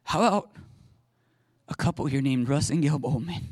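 A man preaching a lively sermon as a pastor, acting out little scenes and laughing now and then. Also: fairly high pitch, moderate pace, breathy edge, no echo, clean studio sound. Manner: animated, acts out little voices and laughs often.

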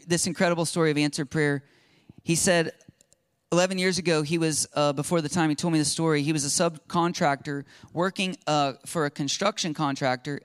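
A man preaching a sermon with passion, gasping for breath at high points and acting out quotes. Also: fairly bright tone, clean tone, dry recording, clean studio sound. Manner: impassioned preaching with gasps and acted-out quotes. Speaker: pastor.

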